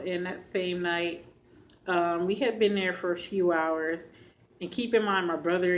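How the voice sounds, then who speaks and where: A woman vlogger telling a personal story to her viewers, earnest and halting, speaking straight to them. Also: on the low side, a little hiss or hum, poor audio. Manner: earnest, addresses viewers directly; halting, emotional retelling.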